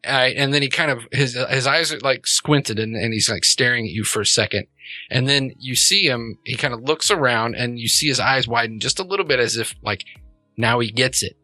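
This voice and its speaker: Brief: male game master, bright voice, dry close sound, loose meandering narration. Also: medium pitch, fairly quick, no room sound. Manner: relaxed, rambling with fillers. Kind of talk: narrating a tabletop role-playing game.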